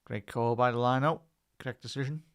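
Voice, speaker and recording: A man's voice: medium pitch, steady tone, brisk, fairly bright tone, clean tone. A man with a Scouse accent giving casual live match commentary on a stream, chatting to his viewers and calling them lad and chat. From Liverpool, England.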